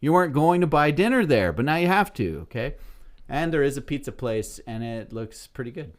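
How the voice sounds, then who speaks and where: A man co-hosting a casual comedy podcast, spinning an animated story with lots of swearing. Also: medium pitch, brisk. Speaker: podcast co-host.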